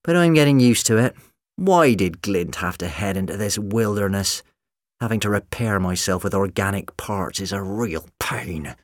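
A man voicing a cold, scheming female killer robot in a woman's guise, speaking brisk and raised. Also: on the low side, animated, dry recording, studio quality, lightly acted.

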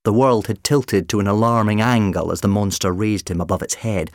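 A man narrating an audiobook with expressive storytelling. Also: lowish voice, fairly quick, no room sound, studio quality. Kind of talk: scripted narration.

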